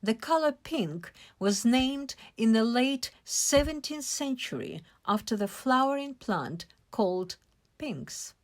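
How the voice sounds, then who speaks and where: A woman giving an English vocabulary lesson, explaining words slowly and carefully and stressing syllables. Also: on the high side, animated. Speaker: English teacher.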